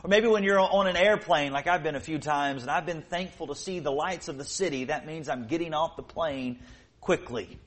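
A man with a fairly high voice delivers a sermon from the pulpit. His preaching is earnest, and he slows down and leans into each key phrase of scripture as he reads.

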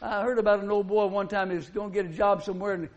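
A man's voice: high-pitched, steady tone, racing. A man preaching a sermon at a church service, in a folksy, conversational way full of rhetorical questions.

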